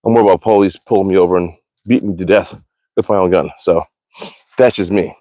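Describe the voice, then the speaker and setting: Out in his backyard, a man chats casually with his live stream viewers in a somewhat low, darkish voice, talking a little fast but with long pauses. He rambles, swears freely and keeps correcting himself, and the sound is close and dry with no echo.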